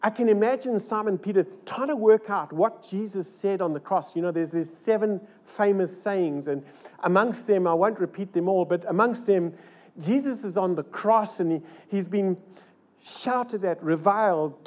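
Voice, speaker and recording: An older man preaching a church sermon, dramatic, swinging between loud rises and hushed low lines and asking rhetorical questions. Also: normal speed. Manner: asks the crowd rhetorical questions. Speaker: pastor. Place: church service.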